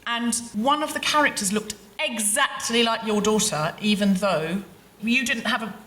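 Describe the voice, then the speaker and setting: A woman hosting a live comedy podcast on stage, chatting animatedly and acting out voices. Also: moderate pace. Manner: animated, acts out voices with big pitch jumps. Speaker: podcast host. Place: live theatre stage with audience. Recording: roomy hall with audience noise.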